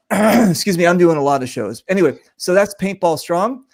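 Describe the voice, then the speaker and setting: Man host, joking rambly talk show on a video call, fairly high voice, dry sound. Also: lively intonation, normal speed, gravelly, no echo. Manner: joking, rambling, many fillers. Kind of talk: casual video-call chat.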